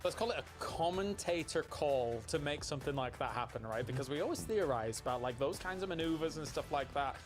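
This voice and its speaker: A man hosting a live esports panel with a fairly high voice. He keeps the talk upbeat and chatty and laughs easily. Soft music plays underneath. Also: lively intonation. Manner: upbeat, laughs often, fills pauses. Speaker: esports caster leading the panel.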